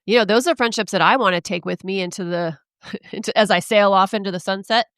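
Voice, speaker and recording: A middle-aged woman chatting on a podcast, heartfelt and affirming, saying "yeah" often as she agrees. Her voice is smooth and resonant at a middling pitch, and the recording is dry and close. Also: fairly quick, dry recording. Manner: warm, affirming, frequent "yeah". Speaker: podcast co-host. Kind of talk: casual chat.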